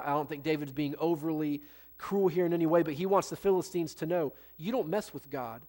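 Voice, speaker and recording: A man's voice: a little high, a little mellow. Man preaching in a folksy, conversational way. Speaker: pastor. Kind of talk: sermon.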